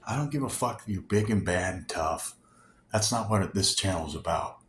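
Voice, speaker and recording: A deep-voiced man rants straight into his camera, heated and profane, circling back and restarting his sentences. Now and then he drops to a hushed, near-whispered tone. The sound is roomy and echoey, with a faint hum of background noise. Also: expressive, normal speed. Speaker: vlogger. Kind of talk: angry unscripted rant.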